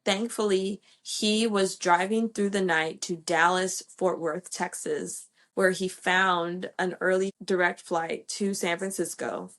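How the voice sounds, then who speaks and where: A woman's voice: fairly low pitch, fairly even intonation, slow pace, few pauses, fairly bright tone. A young American woman telling a personal story in a chatty way, full of "like" and "okay", acting out what others said. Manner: chatty, fills with "like" and "okay", acts out quoted voices. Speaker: podcast host sharing her birth story.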